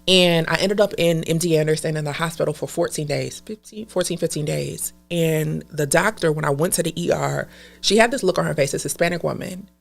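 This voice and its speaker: A woman's voice: sits low, fairly quick, vocal fry, faint music behind. A woman talking as a podcast guest, telling her story in a casual and emphatic way.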